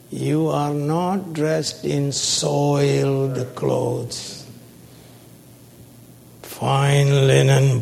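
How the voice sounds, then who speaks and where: A man preaching a sermon, slow and emphatic, prompting his listeners with call-and-response questions. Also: medium pitch, creaky, a little mellow, slight background noise. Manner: call-and-response, prompting the audience with "what, sir?"; slow, emphatic, stretches key words. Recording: long hall reverb.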